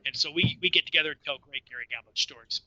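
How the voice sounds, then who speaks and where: A man in his sixties, a podcast guest telling stories in an animated, casual way and repeating words as he goes. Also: on the high side, fast, no room sound, lo-fi sound. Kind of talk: casual storytelling.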